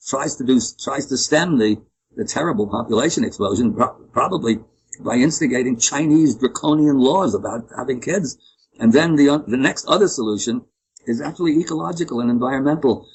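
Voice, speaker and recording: Husky-voiced opinionated man. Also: medium pitch, a little mellow, dull audio. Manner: opinionated, rambling with frequent restarts. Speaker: interview guest. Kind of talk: conversational interview.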